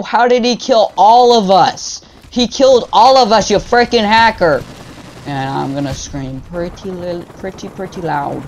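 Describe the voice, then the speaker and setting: A man's voice: a little high, creaky, slight background noise. A young man doing live gameplay commentary for his gaming channel, trash-talking his teammates in slang and getting easily frustrated.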